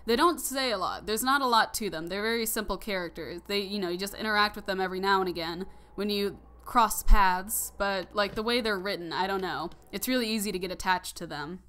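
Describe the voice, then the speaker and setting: Chatty, bright-voiced young woman gamer. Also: mid-range voice. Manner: chatty and rambling, many fillers, quick laughs. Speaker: let's play commentator. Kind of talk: casual gameplay commentary.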